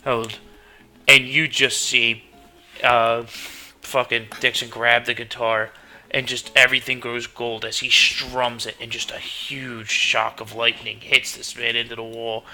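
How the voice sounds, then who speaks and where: Guy gm narrating a dnd fight, real bright voice, casual and sweary. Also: mid-range voice, little pitch movement, measured pace. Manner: loose, swearing storytelling. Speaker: game master. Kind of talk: narrating a tabletop game.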